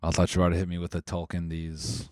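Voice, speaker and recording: A man's voice: low-pitched, completely flat delivery, quick pace, no echo, studio quality. A young man co-hosting a podcast, joking and teasing in casual banter. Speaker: podcast co-host. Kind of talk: casual chat.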